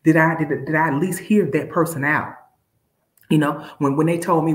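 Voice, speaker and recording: A woman speaks to her live audience with a preacher's drive, leaning hard on each point and calling her viewers y'all. Her pitch swings widely from low and firm to high and excited. The sound has a roomy echo around it. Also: a little fast. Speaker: live-stream seller. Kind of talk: motivational live-stream talk.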